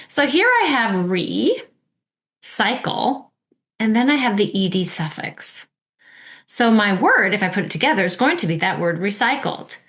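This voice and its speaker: A woman's voice: fairly high pitch, fairly bright tone. A woman teacher giving an instructional video lesson, patiently modeling words and prompting the listener to repeat.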